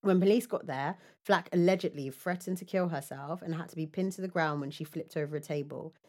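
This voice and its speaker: A woman's voice: on the low side, a little fast, darkish tone. A woman co-hosting a casual chat, reading out news stories with laughter and asides. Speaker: podcast co-host.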